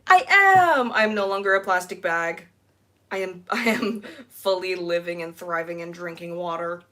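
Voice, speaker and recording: A young woman live streaming while she cleans, chatting casually with giggly, rambling asides and excited squeals. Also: fairly low pitch, moderate pace. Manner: bubbly, squealing excitedly at new members.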